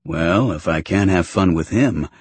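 A man voicing a gruff, mischievous older farmer who loves to tease. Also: low-pitched, measured pace, no echo. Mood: teasing. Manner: teasing, boisterous.

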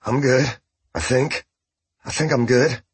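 A man's voice: medium pitch, takes it slowly, husky, no room sound, pitched above the performer's own voice, heavily acted. A man voicing a wounded young man, a slight tremor in his voice. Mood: shaken.

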